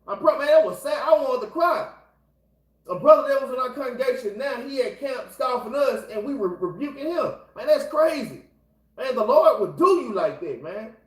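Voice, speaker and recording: A man's voice: high voice, lively intonation, normal speed, echoey room, poor audio. A man leading an informal scripture class, talking casually and exhorting his listeners, constantly repeating the same filler address. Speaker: Bible class teacher.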